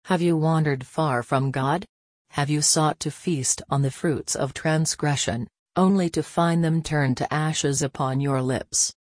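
A woman reads a devotional passage aloud in a measured, solemn way. Her voice sits very low for a woman. The recording is dry and close, with no room sound. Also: fairly even intonation, a little mellow, no echo. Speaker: reader of a devotional text. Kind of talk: scripted devotional narration.

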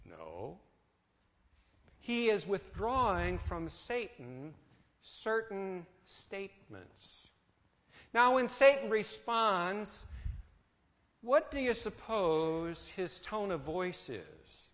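A man's voice: high-pitched, big pitch swings, very slow, fairly bright tone. A man preaching a sermon, asking his listeners questions and acting out what others say. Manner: asks the listeners questions, acts out quoted speech. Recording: dull sound in a hall with long reverb.

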